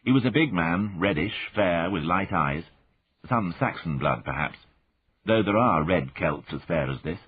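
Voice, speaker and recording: A man narrating a novel in the first person, with measured, observant storytelling. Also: low voice, lively intonation, slightly rough, no echo. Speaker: audiobook narrator. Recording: phone-like narrow band.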